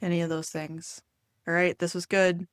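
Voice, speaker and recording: Chatty low-voiced woman co-host. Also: little pitch movement, moderate pace, clean tone, no echo, studio quality. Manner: chatty, laughs often, upbeat. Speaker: podcast co-host and enneagram coach. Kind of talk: casual chat.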